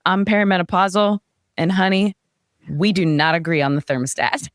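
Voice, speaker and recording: A woman's voice: fairly low pitch, moderate pace, dry recording, studio quality. Joking woman host in her forties. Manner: jokey, frequent laughs. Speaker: podcast host. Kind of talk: casual podcast chat.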